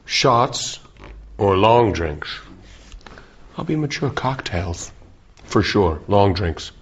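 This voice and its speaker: A man's voice: fairly low pitch, expressive, slow, muffled recording, a little hiss or hum. A man in his forties from South Africa, chatting loosely in an interview, rambling, joking and swearing freely. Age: 40s. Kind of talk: casual interview chat.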